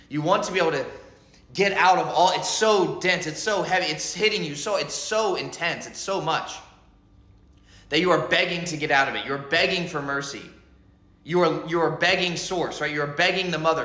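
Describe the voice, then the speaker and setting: A man delivers a spiritual monologue with an intense, repetitive drive. His voice is bright and forceful and sits a little high. The sound rings around an echoey room. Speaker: spiritual speaker.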